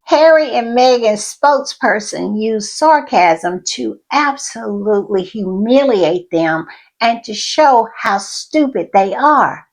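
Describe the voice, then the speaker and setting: A woman with a drawl talks in an unhurried, gushing way, piling up yeses and "I love it." Her voice sits a little high, and she keeps turning to her viewers with y'all. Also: expressive. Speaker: commentary channel host. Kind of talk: enthusiastic fan commentary.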